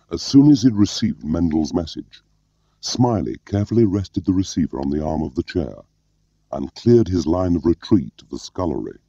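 A male audiobook narrator reads in a measured, even way. His voice is extremely deep and dark, with a gravelly edge. The recording is dry and muffled. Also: no room sound. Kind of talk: scripted narration.

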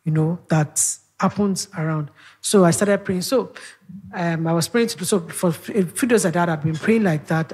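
A woman giving a church teaching, recounting a personal prayer experience in a halting, reflective way with many restarts and fillers. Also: lowish voice, husky. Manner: drops to a soft, hushed tone when describing prayer. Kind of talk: personal testimony in a teaching session.

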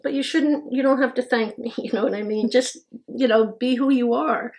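Woman, higher-pitched voice, gentle, reassuring, laughs often, casual couple chat. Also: steady tone, moderate pace. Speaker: co-host, older partner.

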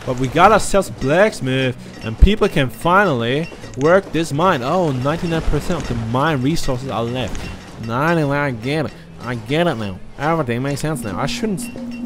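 A man's voice: medium pitch, expressive, normal speed, a bit bright, soft background music. A man whose first language is German, giving rambling, profane, self-mocking commentary while playing a game. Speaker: gaming commentator. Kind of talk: casual let's-play commentary.

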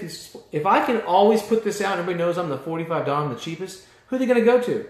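A man's voice: high-pitched, lively intonation, very fast, few pauses, reverberant. Fired-up blunt man coaching shop owners. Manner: blunt, passionate, mildly profane. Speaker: auto repair business coach. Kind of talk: fired-up motivational talk.

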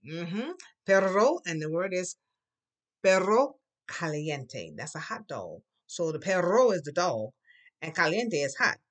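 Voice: mid-range voice, big pitch swings, moderate pace. Teacher drilling a class through lessons. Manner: models words loudly for the class to repeat; patient, coaxing prompts. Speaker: Spanish teacher.

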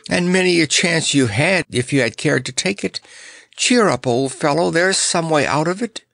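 A man's voice: a little high, expressive, moderate pace, gravelly, a bit bright, no room sound, pitched above the performer's own voice. A man voicing a brave male clown in a storybook, speaking in a jokey, slightly shaky way. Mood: brave joking.

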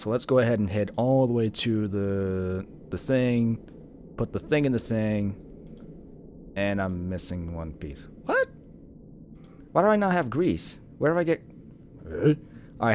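A man hosting a casual let's-play gaming video, swearing, laughing at his own jokes and thinking out loud as he plays. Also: fairly low pitch, animated, brisk, slight background noise.

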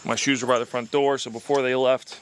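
A man's voice: mid-range voice, flat delivery, brisk, slight background noise. A young man, a vlogger, telling an emotional personal story in a rambling way with many fillers.

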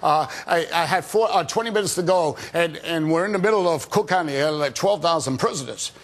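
Fervent evangelist man, higher voice. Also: brisk. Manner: excited storytelling, fervent preaching. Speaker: evangelist guest. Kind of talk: testimony and prayer on Christian TV.

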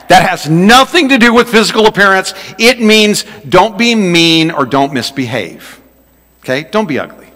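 A man's voice: sits high, expressive, moderate pace, sharp tone. A man preaching a sermon as pastor, joking and folksy as he tells stories. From Louisiana. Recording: long reverb of a large hall.

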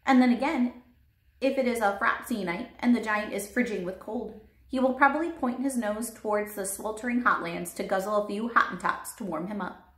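A woman's voice: medium pitch, normal speed, fairly bright tone, lightly acted. Lady reading friendly giant guy, kind and muddled, jumbled words, echoey room. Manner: tumbles through made-up words with a folksy lilt. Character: big friendly male giant, kindly, muddled speech. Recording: roomy echo.

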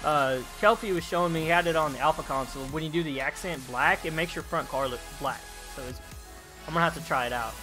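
A young man live streaming a game, chatting excitedly with viewers, reading their messages and calling them dude. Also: on the high side, fast, over music. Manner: excitable, chatty, reads chat aloud, calls viewers dude. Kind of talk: live gameplay streaming commentary.

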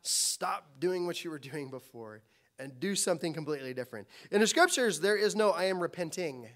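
A man's voice: fairly high pitch, animated, brisk, a bit bright. A man preaching a sermon as pastor, impassioned and full of rhetorical questions.

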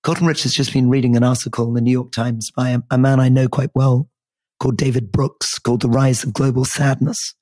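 A man in his fifties co-hosting a political podcast, measured and wry, his voice worn and strained. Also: mid-range voice, flat delivery, a little mellow, no room sound. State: losing his voice. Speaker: podcast co-host.

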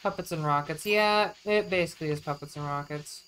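A low-pitched woman talks her way through a farming game on stream, casual and a little foul-mouthed. She sounds down and out of sorts, and a steady hiss of noise runs under her voice. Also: brisk, low-quality recording. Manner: chatty, swears casually, talks to chat. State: low, upset mood. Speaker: vtuber streamer. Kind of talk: casual gameplay chat.

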